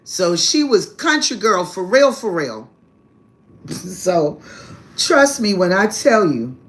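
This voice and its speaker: A woman's voice: mid-range voice, big pitch swings, takes it slowly. A woman hosting a live stream, telling a family story in casual, brash and profane language, laughing heartily and calling her listeners "baby".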